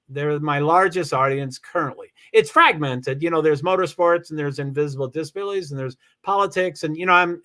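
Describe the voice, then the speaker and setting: A man's voice: on the high side, a bit bright. A man hosting a livestream, chatting casually and rambling as he reads viewer comments and thanks people with frequent restarts. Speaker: livestream host.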